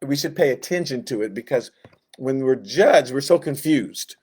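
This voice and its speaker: A man's voice: mid-range voice, lively intonation, moderate pace, a little mellow, husky. A man teaching a Bible class in a casual, conversational way, with joking asides and quoted voices acted out. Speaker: Sunday school teacher.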